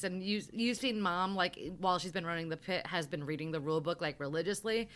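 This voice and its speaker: Bright, animated woman host. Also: fairly low pitch, brisk, few pauses, clean tone. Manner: animated, acts out quotes from the movie; laughs often while talking. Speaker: podcast host. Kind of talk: casual chat recapping a movie.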